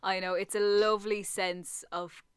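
A woman, co-hosting a podcast and telling stories in casual, animated chat. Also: mid-range voice, measured pace, smooth, no room sound, studio quality. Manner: chatty, animated storytelling with swearing.

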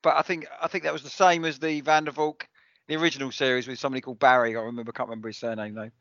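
A man's voice: medium pitch, flat delivery, very fast, a bit bright, dry recording. An Englishman co-hosting a podcast in casual chat, speaking hesitantly with many restarts. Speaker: podcast co-host. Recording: dry, dull lo-fi podcast audio.

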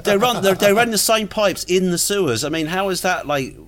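A man's voice: high-pitched, a little fast, crowd noise. A man from Finland co-hosting a casual radio chat, talking in a rambling, hesitant way with many fillers. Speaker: co-host.

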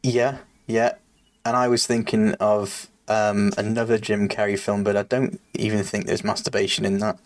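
Man, low and even-voiced, relaxed and agreeable co-host; dry, close sound. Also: normal speed, no echo. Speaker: podcast co-host. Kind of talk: casual film discussion.

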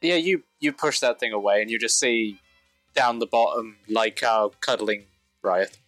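A man's voice: on the low side, unhurried, fairly bright tone, no room sound, faint music behind. A man narrating as game master of a tabletop game in a matter-of-fact way.

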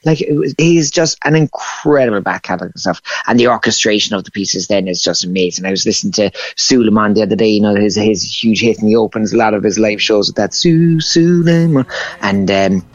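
A man's voice: on the low side, fast talker, few pauses, no room sound, muffled recording. Eager rambling man on radio. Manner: enthusiastic, rambling with restarts. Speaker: show performer, guest. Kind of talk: casual radio chat.

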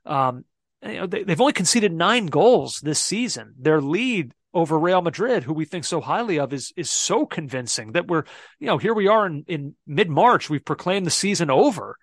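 Slightly high, thoughtful male podcast host. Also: animated, moderate pace, dry recording. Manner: reflective, thinking aloud with many fillers. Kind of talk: casual sports chat.

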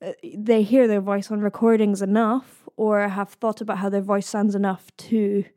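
Woman, soft east-coast Scottish accent, host and voice coach, thoughtful conversational chat. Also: mid-range voice, level tone, moderate pace, dry recording, studio quality. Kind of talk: casual chat.

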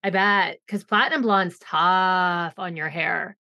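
A middle-aged woman co-hosting a podcast, chatting casually and reading out thanks, emphatic and quick to react with blunt humor. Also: lowish voice, fairly even intonation, dull audio. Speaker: podcast co-host. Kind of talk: casual chat and show reading.

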